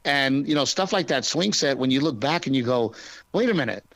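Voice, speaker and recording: A male stand-up comedian from Texas, chatting casually and joking in an interview, with quick restarts. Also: medium pitch, fairly bright tone, no room sound.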